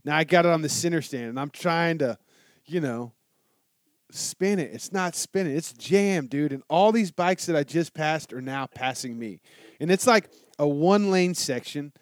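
A man telling a motorcycle story in casual chat, animated and swearing a lot. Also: a little high, moderate pace, no echo, studio quality. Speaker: guest telling a travel story.

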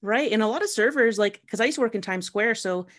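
A woman's voice: on the high side, lively intonation, quick pace. Chatty woman podcast host. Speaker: podcast host, former server. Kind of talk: casual podcast chat.

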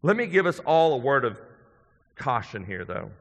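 A male pastor preaching a sermon in a church, earnest and conversational, building to emphatic points and dropping to quiet ones. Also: medium pitch, very animated, moderate pace. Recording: long hall reverb.

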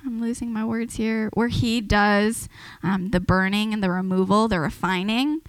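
A woman's voice: mid-range voice, steady tone, moderate pace, no room sound, rough recording. A woman giving an informal, earnest sermon to a church, talking conversationally and often restarting her sentences. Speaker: preacher.

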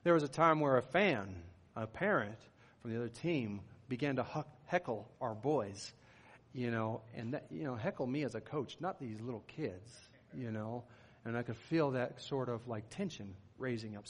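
A man's voice: mid-range voice, normal speed. Earnest man preaching in a reverberant hall. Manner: earnest, conversational preaching with rising emphatic bursts. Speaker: pastor. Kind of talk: sermon.

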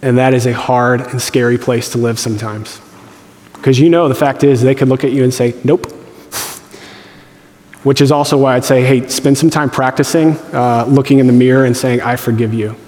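A man's voice: medium pitch, little pitch movement, moderate pace, darkish tone, big-room sound. A man preaching a sermon as pastor, in a conversational, joking way with playful voiced asides.

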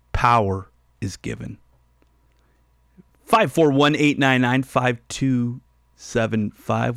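Slow, emphatic male radio Bible teacher. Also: mid-range voice, dry recording, studio quality. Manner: emphatic, stresses and repeats key phrases.

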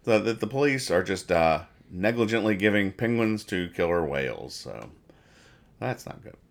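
A man's voice: low voice, animated, moderate pace, creaky. A man hosting a podcast, casually explaining comic strips in a rambling, self-deprecating way. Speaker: podcast host.

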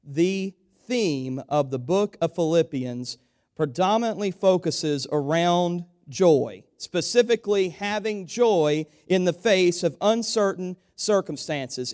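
A man's voice: fairly high pitch, unhurried, a little mellow. A man preaching a sermon to his church, building to emphatic, repeated exhortations and calling his listeners "church".

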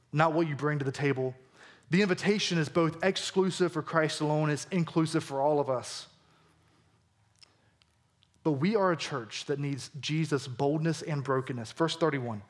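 A male pastor with a Southern American accent delivers a sermon in a high-pitched voice. His manner is earnest and conversational, and he keeps turning to his listeners with direct questions. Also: fairly bright tone. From Georgia, US.

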